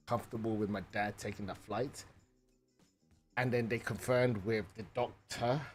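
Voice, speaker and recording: A man streaming from home, telling a story in a rambling, animated way, swearing and tagging lines with "right?". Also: mid-range voice. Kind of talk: casual storytelling.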